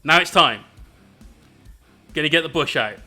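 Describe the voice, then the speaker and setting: A man's voice: a little high, lively intonation, a little slow, sharp tone, faint music behind. A man hosting a casual painting live stream, bantering with his chat and explaining each step as he works.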